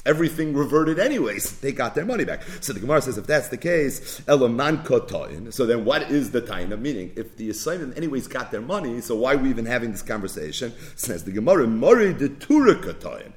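Animated man teaching a text. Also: mid-range voice, fast talker, hardly any pauses. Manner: animated, lots of rhetorical questions; acts out both sides of the argument. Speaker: Talmud teacher. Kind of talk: explaining a text in a class.

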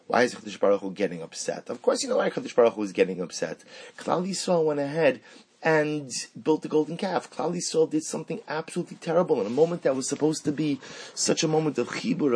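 A man teaching a Torah lesson, mixing Hebrew quotes into animated rhetorical questions. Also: mid-range voice, slightly rough, poor audio. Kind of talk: Torah class on the weekly portion.

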